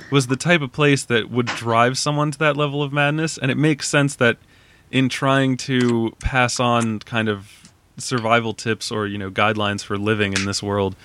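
A man's voice: medium pitch, a bit bright, a little hiss or hum. A man hosting a casual podcast about a film, talking in a hesitant way with frequent laughs and fillers. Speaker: podcast host.

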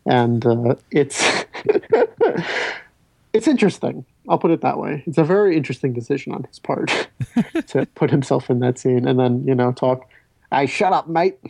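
Guy hosting a movie podcast, kinda rambly, mellow dark tone, dry sound. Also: mid-range voice, normal speed, gravelly, husky, no room sound. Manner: rambling, self-interrupting, stammers on restarts. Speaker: podcast host. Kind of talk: casual film discussion.

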